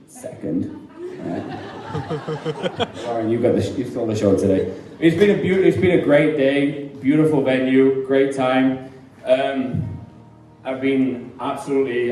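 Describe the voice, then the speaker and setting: A man's voice: medium pitch, background noise. A young man giving a best man's wedding speech, joking, nervous and laughing often. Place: wedding venue hall. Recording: echoey hall from far off, music behind.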